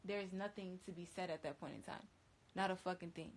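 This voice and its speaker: A woman's voice: lowish voice, brisk, rough recording. A woman DJ telling a story casually on a phone livestream, talking emphatically and profanely, with constant "like" and "bruh.".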